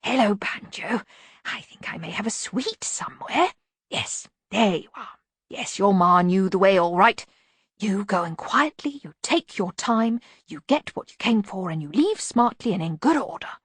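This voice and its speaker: A woman reading an audiobook voices a neat, precise veteran thief with a soft, half-whispered voice. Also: mid-range voice, lively intonation, a little slow, slightly rough, no room sound. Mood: calm. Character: neat, precise older thief, calm and fussy.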